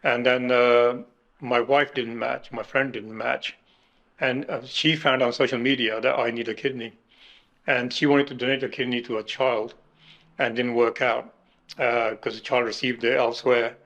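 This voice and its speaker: A middle-aged man recounting his kidney transplant in an emotional interview, halting and restarting as he speaks. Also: mid-range voice, little pitch movement, a bit bright, dull audio. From United Kingdom. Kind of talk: emotional personal account.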